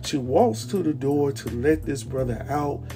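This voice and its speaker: A man's voice: fairly high pitch, animated, measured pace, over music. A man hosting a casual TV episode recap, telling it in a loose, slangy way and retelling scenes as dialogue.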